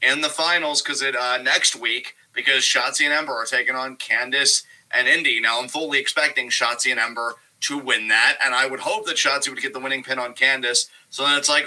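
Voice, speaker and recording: A man co-hosting a show in relaxed, chatty talk with many fillers. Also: mid-range voice, a little fast, few pauses, low-quality recording. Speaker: podcast co-host. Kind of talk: casual chat.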